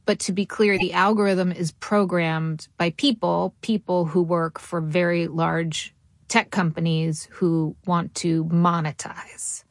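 A woman radio host interviewing a guest, lively and quick to jump in with follow-ups. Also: fairly low pitch, dry recording, studio quality. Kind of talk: interview conversation.

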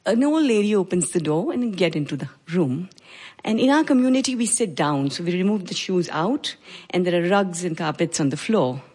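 A woman in her forties with an Indian English accent, telling a personal story in a measured, reflective way with pauses. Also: lowish voice, lively intonation, darkish tone, husky. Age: 40s.

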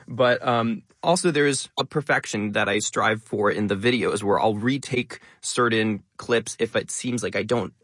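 Young guy who talks super fast and punches lots of words, lowish voice, dry booth. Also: a bit bright, slightly rough, dry recording. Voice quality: fast talker, stresses many words. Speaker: guest, educational content creator. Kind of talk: interview conversation.

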